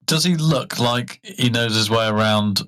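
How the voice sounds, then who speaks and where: A man's voice: medium pitch, a little slow, a bit bright. A man playing a tabletop game who asks questions in a casual, matter-of-fact way. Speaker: player.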